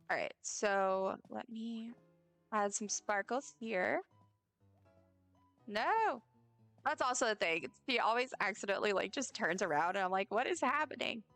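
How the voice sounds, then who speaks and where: A woman's voice: mid-range voice, a bit bright, clear, resonant tone, dry recording. A woman streaming a game, chatting casually and rambling with lots of fillers. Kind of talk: casual gameplay chat.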